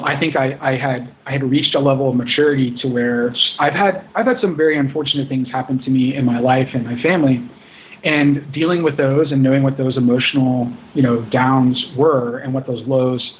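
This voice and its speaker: A man speaks in an earnest, rambling way, often restarting his sentences as he explains his work as a film director. His voice sits in an ordinary middle pitch. The sound is thin and phone-like, with the full range of the voice cut away. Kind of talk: casual interview. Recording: tinny phone-like line.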